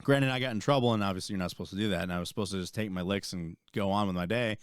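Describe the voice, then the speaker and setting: A young man, an army veteran and podcast co-host, telling a rambling, profane story in casual chat and getting animated as he retells it. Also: sits low, very fast, clean tone, dry recording, clean studio sound.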